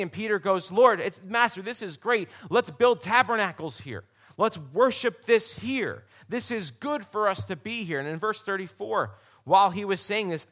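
Brief: male pastor, fairly high voice, casual direct sermon style. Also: pushed and bright. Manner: conversational, addresses the congregation directly.

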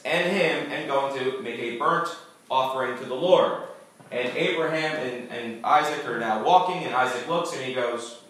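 A man's voice: fairly high pitch, fairly bright tone. A man preaching a sermon as pastor, emphatic, with call-and-response to the congregation. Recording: echoey church room, distant mic.

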